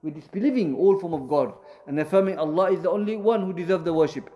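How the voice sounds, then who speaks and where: A man's voice: sits high, fast talker, mellow. Man teaching a lecture with Arabic terms. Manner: explains with many fillers and self-corrections; mixes Arabic terms into English. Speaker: Islamic studies teacher. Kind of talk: classroom lecture.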